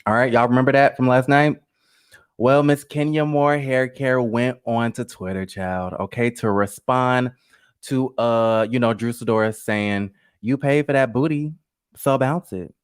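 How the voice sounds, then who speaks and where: Man, live gossip host, sassy, chatty, mid-pitched voice, casual stream commentary. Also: fairly even intonation, a little slow, smooth. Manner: chatty and sassy, talks straight to the chat.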